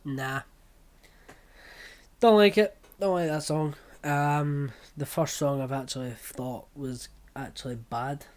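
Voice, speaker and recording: A young man talking through a music reaction video. He drops quick, blunt verdicts and scores each track in short, offhand bursts, casual and unpolished. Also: on the high side.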